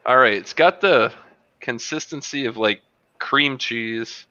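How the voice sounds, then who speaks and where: A man hosting a casual online tasting show, describing a beer and a cheese in a relaxed, rambling way with plenty of fillers. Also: mid-range voice, slow, no room sound, muffled recording. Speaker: host reviewing beer and cheese. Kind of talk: casual tasting review on a video call. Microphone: video call.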